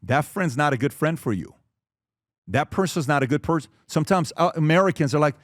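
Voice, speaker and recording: A man with a slightly raised voice delivers a punchy webinar talk on fatherhood. He is blunt and emphatic, slipping into quick acted-out family dialogues. The sound is dry and close. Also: on the high side, animated, no echo. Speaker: speaker teaching fathers.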